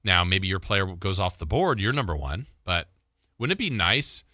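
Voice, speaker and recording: Male sports radio host, low-ish and very bright, dry close studio sound, loose conversational delivery with restarts. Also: big pitch swings, normal speed, no echo. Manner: conversational, thinks aloud with fillers and restarts. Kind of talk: sports talk radio commentary.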